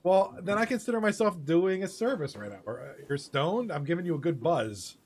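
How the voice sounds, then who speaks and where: Male stream host, fairly high voice, animated and loose, quick to laugh and curse. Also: soft background music. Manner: laughs often, swears freely, reads chat aloud. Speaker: host of an online hockey game league stream. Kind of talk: casual live-stream commentary.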